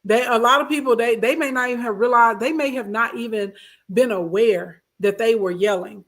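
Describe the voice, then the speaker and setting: A woman's voice: fairly high pitch, brisk. A woman hosting a casual advice stream, reading out viewer comments and answering them in an emphatic way that repeats points and keeps checking in. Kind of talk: casual advice talk, livestream.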